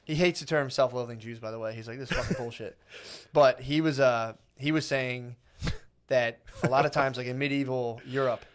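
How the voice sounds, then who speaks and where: A man's voice: medium pitch, fairly even intonation, moderate pace, smooth. A man co-hosting a podcast in casual chat, laid-back, swearing and saying "dude" constantly. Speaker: podcast co-host.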